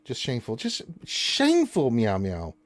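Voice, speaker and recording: A man's voice: mid-range voice, huge pitch swings, moderate pace. Joking man hosting a live stream. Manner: joking mock-indignant banter with viewers and co-host; reads out and answers chat questions. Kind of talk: casual live stream chat.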